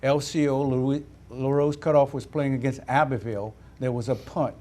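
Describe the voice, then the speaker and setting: A man, a studio guest, speaking in a measured, reflective way. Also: mid-range voice, steady tone, dark tone. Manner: measured, thoughtful, recalls carefully. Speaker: studio guest, former player. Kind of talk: reflective sports talk.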